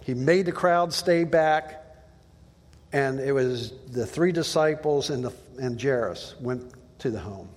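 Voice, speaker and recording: Male pastor, relaxed conversational sermon, plainspoken storyteller, long hall reverb. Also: medium pitch, measured pace.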